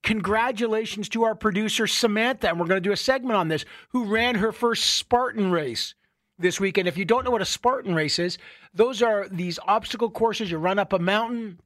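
A middle-aged man hosting a radio show, telling stories in a casual, animated way with many restarts. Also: sits high, brisk, dry recording, studio quality. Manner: conversational, animated storytelling with restarts. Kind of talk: casual talk radio monologue.

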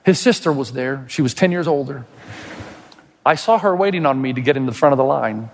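Preaching in the role of pastor, this man swings between loud, high bursts and slow, quiet stretches, his delivery dramatic and his intonation lively. The sound carries the feel of a big room.

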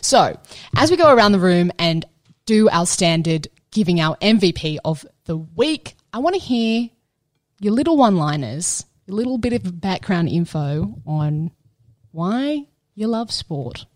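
A woman's voice: on the low side, very animated, unhurried, no room sound, studio quality. A woman hosting a sports podcast with other women, chatty and upbeat. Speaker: podcast host. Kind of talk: casual chat.

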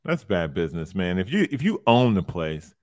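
A man's voice: low-pitched, sing-song, normal speed, dry recording, studio quality. A male podcast co-host in casual chat who gives blunt, emphatic opinions.

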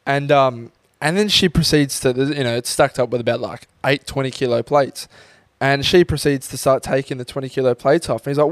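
A man's voice: medium pitch, brisk, no room sound, clean studio sound. A young man, co-hosting a casual podcast and telling a story with lots of swearing and acted-out quotes. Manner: animated, swears freely, acts out quotes. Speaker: podcast co-host.

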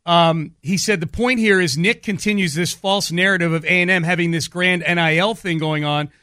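A man hosting a casual sports radio show, quick-talking and joking, on a studio mic. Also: high-pitched, steady tone, sharp tone, dry recording. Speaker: sports talk show host.

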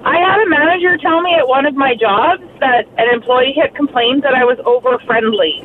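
Woman, caller, friendly, a bit flustered, high voice, tinny phone line. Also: brisk, slight background noise. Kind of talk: phone-in chat.

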